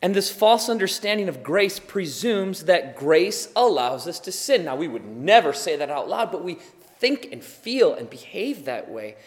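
A tired man preaching as a pastor, earnest and swinging from quiet to loud emphasis. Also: sits high, sing-song, unhurried, long reverb tail. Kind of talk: sermon.

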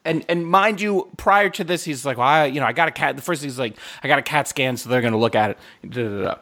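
A middle-aged man casually telling a story on a podcast, animated and profane, with lots of filler words and restarts. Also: quick pace. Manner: animated, profane, swings from low mutter to high exclaiming.

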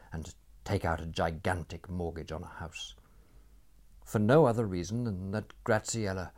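Deep, slow male storyteller. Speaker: narrator. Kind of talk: scripted story narration.

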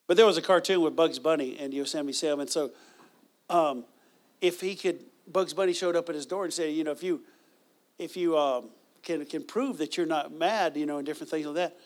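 A man preaching a sermon in a conversational way, with bursts of loud praise and chuckles as he tells stories. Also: on the high side, fairly quick. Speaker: pastor.

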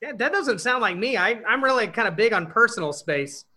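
A man from Puerto Rico talks casually and defensively on a video call. His voice is high and bright, with lively swings. It is improv comedy. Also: brisk. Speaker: guest, angel investor.

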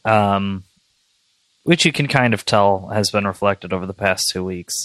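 A man's voice: on the low side, measured pace, fairly bright tone, dry recording. A man co-hosting a casual wrestling podcast, wry and sarcastic, laughing often. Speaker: podcast co-host.

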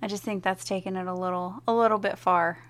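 A woman co-hosting a podcast, chatting casually at a middling pitch. She tells little stories and giggles along the way. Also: fairly even intonation, fast, a bit bright. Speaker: podcast co-host and blogger. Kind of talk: casual chat.

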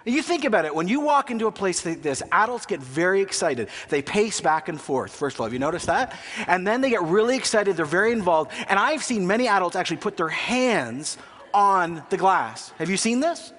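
A man's voice: sits high, big pitch swings, a little fast, fairly bright tone. A man preaching a sermon as a pastor, with a conversational, joking style and frequent questions to the congregation. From Canada. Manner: conversational and humorous, asks the audience questions. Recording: long reverb of a large hall.

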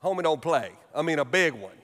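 Man, pastor, sermon, high-pitched, animated storytelling, long church-hall reverb. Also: a little fast. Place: church sanctuary.

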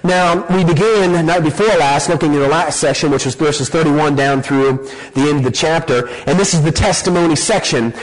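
A man preaching a sermon, teaching through a chapter with lively emphasis, rhetorical questions and light joking asides. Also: on the high side, moderate pace, hardly any pauses, poor audio. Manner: animated, rising emphasis with frequent rhetorical okays and light joking. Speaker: pastor.

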